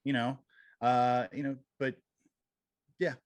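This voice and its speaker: A man chats on a panel in a conversational way, often restarting his sentences. His pitch is ordinary and the sound is close and dry. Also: level tone, slow pace, no room sound. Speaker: filmmaker. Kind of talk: casual panel chat.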